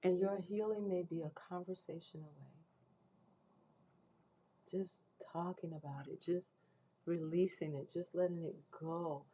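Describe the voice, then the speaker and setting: Low mellow woman livestreaming, earnest preachy encouragement, keeps restarting, emotional. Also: steady tone, a little slow, long pauses, a little hiss or hum, rough recording. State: emotional, close to tears. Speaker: host of a faith-based livestream. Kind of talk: heartfelt spoken appeal to viewers.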